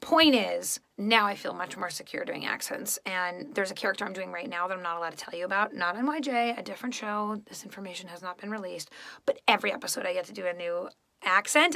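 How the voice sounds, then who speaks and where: Chatty actress, female, rambling storyteller with a bright, forceful tone and some vocal fry. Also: mid-range voice, quick pace, no room sound. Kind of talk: casual recorded fan message.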